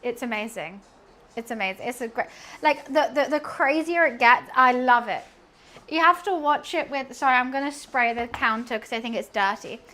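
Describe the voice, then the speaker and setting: A woman's voice: high-pitched, moderate pace, sharp tone. A young woman chatting casually while cleaning and cooking in her home kitchen, rambling and humming to herself. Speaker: streamer.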